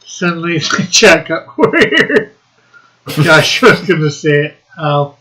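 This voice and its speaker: A man's voice: a little high, very animated, takes it slowly, pushed and bright, poor audio. A man hosting a casual livestream chat, reading the chat aloud and laughing often. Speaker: livestream host.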